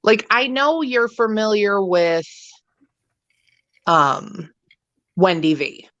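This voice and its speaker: A woman co-hosting a livestream chat show, telling gossip in a profane, animated way. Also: mid-range voice, slow pace, no echo. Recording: dull lo-fi stream audio.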